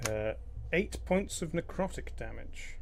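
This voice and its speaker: A man's voice: a little high, expressive, unhurried, vocal fry, slight background noise. A man running a tabletop game as game master, describing events and calling out damage.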